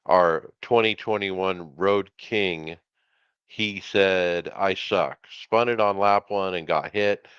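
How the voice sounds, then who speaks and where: A man's voice: low-pitched, slow, fairly bright tone, clean tone, no room sound, muffled recording. A man hosting a casual podcast, running through race results and calling on his co-hosts. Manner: runs the segment, calls on co-hosts. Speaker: podcast host. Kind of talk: casual chat.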